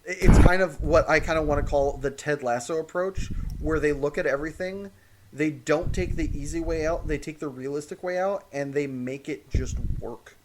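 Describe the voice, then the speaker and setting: A man's voice: fairly high pitch, moderate pace, background noise. A man co-hosting a casual podcast chat, talking animatedly and swearing freely as he rants. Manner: animated, profane, rants with laughter. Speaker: podcast co-host.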